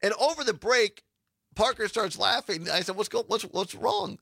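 A man's voice: high-pitched, expressive, moderate pace, gravelly, sharp tone, no echo, studio quality. A man hosting a casual radio talk show, chatty and laughing often as he reads promos.

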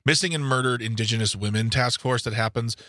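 A man co-hosts a talk radio show in a chatty, jokey way, quick to agree and to add a quip. His voice is bright and lively in tone. The studio sound is very dry and close. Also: medium pitch, dry recording. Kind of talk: casual talk radio discussion. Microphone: studio microphone.

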